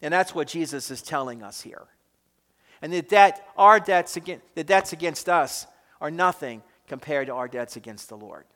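High-voiced emphatic preacher man. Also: lively intonation, moderate pace. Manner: emphatic, swinging between loud stresses and quiet drops. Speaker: pastor. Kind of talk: sermon. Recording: echoey hall reverb.

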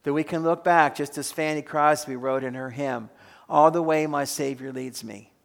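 Gravelly-voiced man preaching a sermon. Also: mid-range voice, a bit bright. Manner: earnest, posing reflective questions and leading prayer. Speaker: pastor.

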